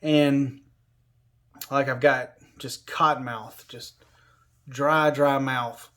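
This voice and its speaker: A man's voice: medium pitch, fairly even intonation, extremely slow, a bit bright. A man casually telling a personal story in a rambling, conversational way, full of fillers like "you know" and "like.".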